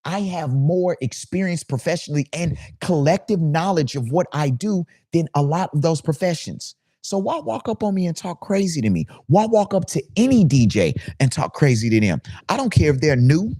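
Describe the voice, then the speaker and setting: A man's voice: on the high side, very animated, normal speed, mellow, no room sound, clean studio sound. A man who works as a DJ, talking casually to camera in a ranting monologue full of rhetorical questions.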